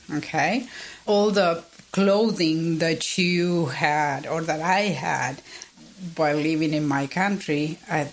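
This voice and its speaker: Non-native woman panelist, low gravelly voice, reflective and personal. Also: low-quality recording. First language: not English. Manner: reflective, personal, checks in with "okay?". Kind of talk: Bible discussion podcast.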